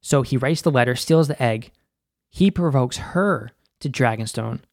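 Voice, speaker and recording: A man's voice: mid-range voice, measured pace, gravelly, no echo, studio quality. A young man giving a casual, profane breakdown of a TV episode, full of filler words. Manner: laid-back and profane, full of "like". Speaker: film and TV recap host.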